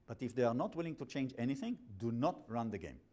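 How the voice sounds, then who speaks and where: Blunt, animated male instructor with an accent. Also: medium pitch, fast talker. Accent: non-native English. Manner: animated, blunt, jokey, with frequent restarts. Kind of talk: classroom lecture.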